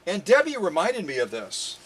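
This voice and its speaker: A man's voice: high voice, wildly swooping pitch, moderate pace, fairly bright tone, breathy edge. A man who restores sewing machines, chatting casually and playfully to his viewers with jokey asides. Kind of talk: casual vlog chat to viewers.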